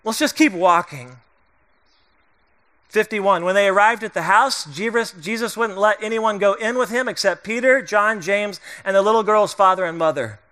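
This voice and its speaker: A man's voice: high voice, moderate pace, few pauses, sharp tone, smooth. A middle-aged male pastor preaching a sermon in a conversational, joking way, acting out the voices of the people in the story.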